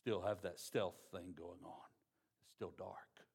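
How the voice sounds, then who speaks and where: A pastor, preaching a sermon in a conversational, folksy way. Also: male voice, sits low, fairly even intonation, slow pace, gravelly, darkish tone, husky.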